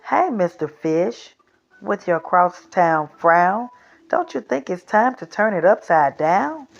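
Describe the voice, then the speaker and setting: A cheerful storybook clam coaxes in a raised, slow voice, as a woman reads her aloud. The recording is dull and lo-fi. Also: on the low side, animated, creaky, pitched above the performer's own voice, full character voice. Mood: coaxing. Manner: bright, coaxing, slow. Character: cheerful female clam, friendly advice-giver.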